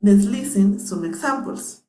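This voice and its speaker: A woman's voice: medium pitch, animated, measured pace, warm tone. A young woman whose first language is Spanish, reading a scripted lesson as a student teacher in a careful, read-aloud way. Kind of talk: scripted narration. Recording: echoey room.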